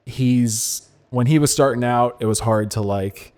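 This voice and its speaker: Animated young man telling a story. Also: medium pitch, unhurried. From San Diego. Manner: animated, laughing, many fillers and restarts. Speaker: guest DJ and producer. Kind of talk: casual storytelling interview.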